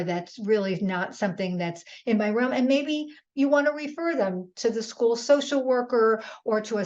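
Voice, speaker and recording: A woman's voice: medium pitch, a little mellow, muffled recording. A woman presenter answering audience questions in a webinar, giving earnest advice with frequent restarts. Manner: earnest, advising, many restarts.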